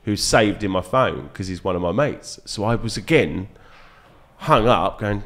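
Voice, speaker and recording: A man appears as a guest on a podcast, where he reviews darts and chats casually. He tells animated stories, laughs often and uses lots of fillers. His voice is lowish and his pace is normal.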